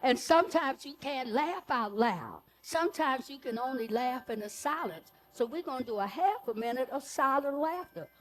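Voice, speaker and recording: A woman leading a live group breathing workshop, giving slow, soothing cues for each breath. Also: high-pitched, lively intonation.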